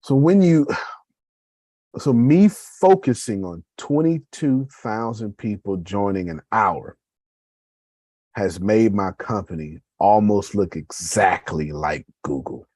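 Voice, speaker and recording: Slow-paced, with a lowish, dark-toned voice and no echo, he speaks straight to his listeners as y'all. The talk is a casual, motivational ramble about his business, conversational and full of restarts.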